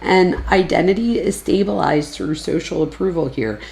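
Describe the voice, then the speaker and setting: A woman's voice: lowish voice, moderate pace, vocal fry, darkish tone. A woman giving casual, analytical true crime commentary, chatting freely and lifting her voice when she quotes people.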